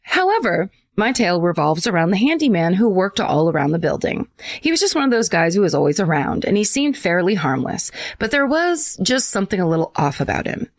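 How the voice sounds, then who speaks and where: A woman's voice: on the low side, sing-song, fairly quick. A woman co-hosting a podcast in casual chat, reading a listener's letter aloud with joking asides and frequent laughs. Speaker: podcast co-host.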